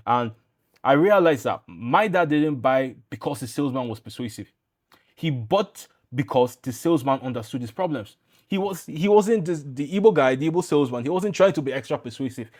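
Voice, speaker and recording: A man's voice: medium pitch, a little mellow. A man talking to camera as a YouTube growth coach in a business explainer, casual and emphatic, with blunt asides.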